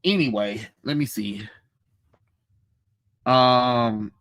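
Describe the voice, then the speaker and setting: A man's voice: mid-range voice, expressive, a little slow, long pauses. A man live-streaming a comic book reading, making sarcastic, dismissive, rambling asides while his allergies give him a runny nose.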